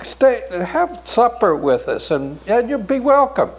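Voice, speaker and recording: A man voicing a group of eager male merchants, calling out high and loud. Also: very animated, a little slow, exaggerated voice. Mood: coaxing.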